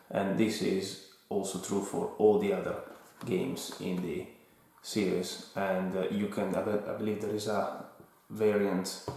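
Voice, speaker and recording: A man with an Italian accent calmly reviewing a board game and explaining its rules, in an unhurried, slightly hesitant way. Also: lowish voice, vocal fry, a little hiss or hum. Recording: very echoey room.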